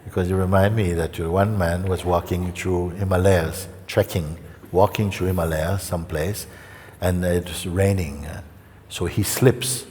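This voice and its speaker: A man giving a satsang talk as a spiritual teacher, gentle and unhurried, often checking in with listeners by asking questions. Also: low voice, fairly even intonation, slight background noise. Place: large meeting hall. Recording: echoey hall with faint ambience.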